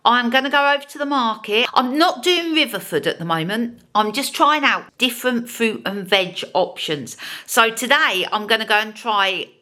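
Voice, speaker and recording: A woman's voice: fairly high pitch, expressive, normal speed, bright, forceful tone. A woman vlogging in a chatty, self-deprecating way about her day. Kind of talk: casual vlog narration.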